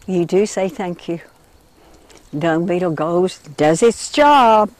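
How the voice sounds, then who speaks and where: A woman leading children through an interactive insect story, telling them how to move and what to say, slowing and hushing for the gentle parts. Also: fairly low pitch. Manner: animated, slows and drops to a hush for gentle moments.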